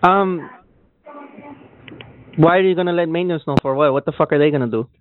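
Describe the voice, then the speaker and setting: A man's voice: fairly high pitch, a little fast, no room sound. A man making crude prank phone calls, mocking and pleading in a put-on tone. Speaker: prank caller. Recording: tinny phone-line audio.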